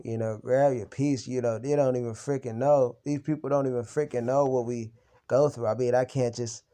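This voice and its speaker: Mellow-voiced young man venting, heated and profane. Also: medium pitch, fairly even intonation, moderate pace. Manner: heated, profane storytelling with blunt slang. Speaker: vlogger on recovery from narcissistic abuse. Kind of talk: unscripted personal venting to camera.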